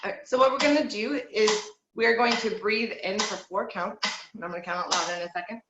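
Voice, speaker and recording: A woman's voice: medium pitch, fairly even intonation, quick pace, roomy sound, lo-fi sound, heavy background noise. A woman vocal teacher leading an online singing lesson from home, guiding breathing exercises in an encouraging, instructive way and counting aloud. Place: home room.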